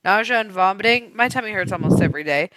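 Bright-voiced joking young woman. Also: medium pitch, expressive, fast talker, dry recording, poor audio. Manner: crude, joking, laughs often. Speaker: podcast co-host. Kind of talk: casual chat.

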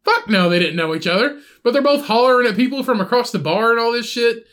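A podcast host with a very high, slightly bright voice talks fast, spinning a profane, rambling story in casual chat and acting out the other people involved.

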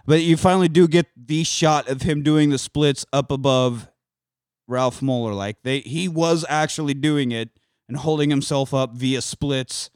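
A man's voice: medium pitch, measured pace, clean tone, no echo, clean studio sound. A man casually retelling an action movie on a podcast, swearing freely and acting out the characters' lines. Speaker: podcast co-host recapping a movie. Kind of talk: casual profane chat.

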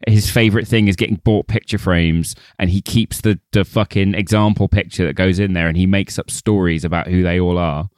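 A man co-hosts a comedy film podcast with dry, sweary sarcasm. His voice sits on the lower side, and he fills gaps with steady agreement. The sound is close and dry. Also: a little fast, few pauses, no room sound. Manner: sweary, sardonic, frequent "yeah" backchannel. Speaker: podcast co-host. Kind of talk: casual comedic film chat.

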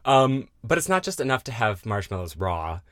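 A man's voice: fairly low pitch, very animated, normal speed, fairly bright tone, dry recording. A man co-hosting a casual podcast, reading history notes with lots of fillers and laughs. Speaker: co-host.

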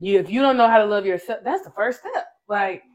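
A woman's voice: medium pitch, big pitch swings, highs cut off. Emphatic woman podcast co-host. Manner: emphatic, preachy, quick to laugh. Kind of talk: casual faith chat.

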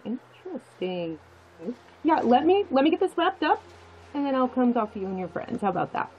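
A woman plays a calm, kind professor with a fairly high voice. She offers help in a friendly, reassuring way. The sound is somewhat muffled. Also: fairly quick, a little hiss or hum. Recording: muffled, dull audio.

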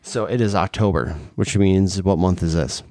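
A man's voice: low voice, moderate pace, dark tone, no echo, clean studio sound. A middle-aged man and father hosting a podcast, chatting casually in a playful, teasing way. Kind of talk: casual family chat.

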